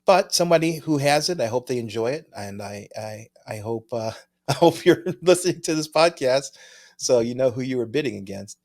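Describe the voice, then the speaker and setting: A man's voice: medium pitch, lively intonation, moderate pace, darkish tone. Easygoing man chatting on a podcast. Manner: easygoing, chuckles often, thinks aloud. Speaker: podcast co-host. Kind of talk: casual chat, reading viewer mail.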